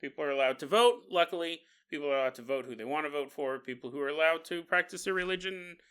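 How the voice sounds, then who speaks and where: A man hosting a podcast, telling a comic monologue with frequent laughs and quick acted-out voices. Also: on the high side, fairly bright tone, clear, resonant tone. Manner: jokey, laughs often, acts out little voices. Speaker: podcast host. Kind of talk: comedic monologue.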